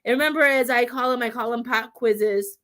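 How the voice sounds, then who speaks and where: A woman's voice: a little high, brisk. Chatty, emotional woman doing a tarot reading. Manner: chatty, warm-hearted, laughs often between thoughts; emotional, near tears at times. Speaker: tarot reader and medium.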